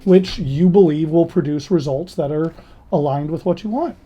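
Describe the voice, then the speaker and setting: A guest life coach on a casual podcast, speaking in a mellow, darker tone. He makes his points through emphatic, repeated phrasing. The talk stays conversational. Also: mid-range voice, normal speed, dull audio.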